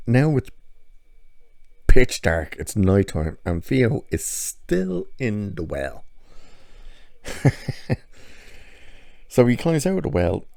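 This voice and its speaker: A man's voice: low voice, dark tone, no echo. A man reviewing a TV episode in a casual, chatty recap, sarcastic and profane as he tells the plot.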